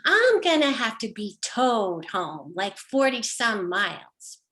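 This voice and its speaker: A woman's voice: fairly high pitch, very animated, takes it slowly, a bit bright. A middle-aged woman performing a personal story with wry, dry humor, slipping into quoted voices now and then. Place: home, online show.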